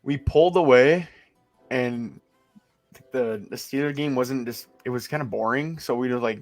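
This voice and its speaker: A man's voice: medium pitch, moderate pace, faint music behind. A young man co-hosting a casual sports podcast, blunt and profane in his banter. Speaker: podcast co-host.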